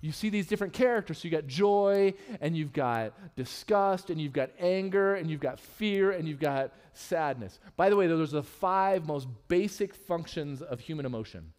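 Male pastor, sermon, fairly high voice, candid, humorous, church sanctuary. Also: moderate pace, hardly any pauses. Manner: candid and humorous, with lively swings in pitch and loudness.

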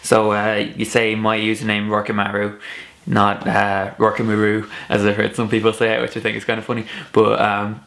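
A young man from Ireland with a soft, slightly Americanized Irish accent, chatting casually on his vlog with lots of uhs and ums. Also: on the low side, completely flat delivery, brisk, creaky, few pauses. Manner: rambling, many filler uhs and ums. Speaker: vlogger. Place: home room, dog snoring behind.

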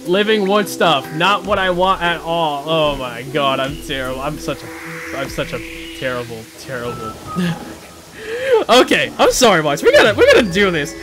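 Excitable man narrating his gameplay. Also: fairly high pitch, normal speed, over music. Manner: excitable, flustered and self-mocking, talking to viewers as mates. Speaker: gaming channel host. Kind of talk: casual gameplay commentary.

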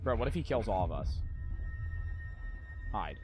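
A young man streaming a video game, swearing and yelling at the screen in loose commentary. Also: on the low side, big pitch swings, unhurried, over music. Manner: loud, swearing, yells at the screen. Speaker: gaming streamer. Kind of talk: let's-play commentary.

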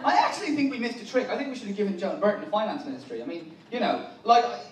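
A man's voice: high voice, sing-song, racing. An Irish man doing a stand-up comedy set in a conference hall, wry and rambling, often restarting his sentences. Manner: wry, rambling, self-correcting. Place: large hotel conference hall. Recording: echoey hall, distant mic, noisy.

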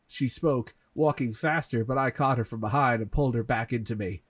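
A man's voice: mid-range voice, fairly quick, breathy edge, no echo. A man reading a fanfiction aloud as a comedic dramatic reading over gameplay, mocking it and deadpanning the punctuation marks. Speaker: let's play host reading a fanfic.

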